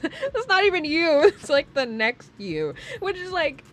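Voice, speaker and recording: An American woman streamer chatting casually, animated and quick to laugh. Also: very high voice, soft background music.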